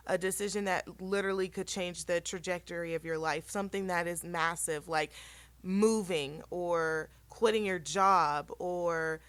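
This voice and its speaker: Woman doing a casual tarot reading, a bit hoarse, rambly, dry close sound. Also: fairly low pitch, a bit bright, dry recording. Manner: chatty, rambling, with many ums and self-corrections. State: losing her voice, slightly hoarse. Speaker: tarot reader and channel host.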